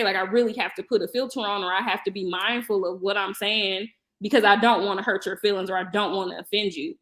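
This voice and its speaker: A woman's voice: mid-range voice, steady tone, fast, a bit bright. Candid, emphatic woman podcast host. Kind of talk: casual chat.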